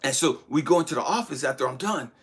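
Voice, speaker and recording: A man's voice: mid-range voice, animated, quick pace, slightly rough. Man preaching with big swings to whispers. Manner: preachy, swings from loud emphasis to near-whispers. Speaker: motivational speaker. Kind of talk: spiritual motivational talk.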